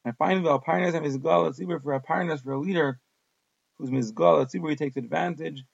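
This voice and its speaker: Gravelly man teaching Talmud. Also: on the high side, fast, no echo, highs cut off. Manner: reads Aramaic text then translates in casual English. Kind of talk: daf yomi Talmud lesson.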